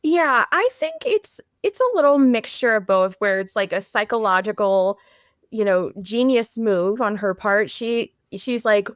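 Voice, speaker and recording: A woman's voice: mid-range voice, very animated, a little slow, no echo, studio quality. A woman co-hosting a film review podcast, chatting casually, agreeing often and playfully voicing characters. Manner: frequent short agreements, playful quoting of characters. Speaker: podcast co-host. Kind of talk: casual chat.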